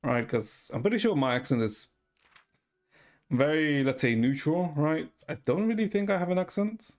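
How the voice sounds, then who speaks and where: A man's voice: on the high side, animated, normal speed, darkish tone. A man streaming a game, chatting casually with his chat while he plays.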